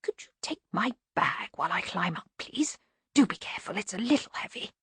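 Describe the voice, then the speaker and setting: Woman doing a neat, soft-voiced master thief. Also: medium pitch, lively intonation, a little fast, creaky, breathy edge, no echo, heavily acted. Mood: calm. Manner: neat, soft, half-whispered. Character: neat, precise older thief, calm and fussy. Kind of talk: audiobook character reading.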